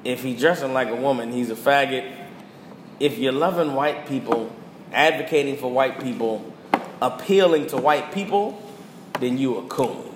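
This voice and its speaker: A young adult man hosts a podcast, speaking at normal speed with a medium-pitched voice in a roomy, reverberant room with faint noise. His heated, casual rant is blunt and emphatic, packed with slang and phrases repeated for punch.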